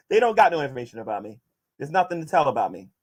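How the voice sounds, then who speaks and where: A man vlogs casually, taking viewer questions and turning on his critics head-on, tripping into restarts while he makes his case. His voice sits somewhat high, shifts around a lot in pitch, and has a darkish tone.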